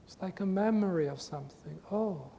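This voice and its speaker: A man giving an earnest spiritual talk to a group, with emphatic, repetitive phrasing, recorded in a reverberant hall with a faint rumble. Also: moderate pace, vocal fry, dark tone. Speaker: spiritual teacher.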